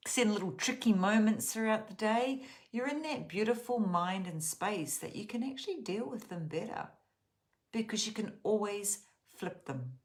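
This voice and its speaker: Low-voiced woman, earnest and rambling. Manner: earnest and spiritual, rambling with many restarts. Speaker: journaling channel host. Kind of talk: casual guided journaling talk.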